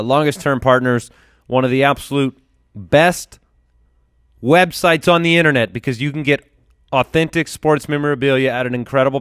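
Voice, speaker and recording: Male podcast host, smooth and clear, upbeat, dry close mic. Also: mid-range voice, fairly bright tone, dry recording. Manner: upbeat, quick, lists items in bursts. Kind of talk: casual podcast chat and sponsor reads.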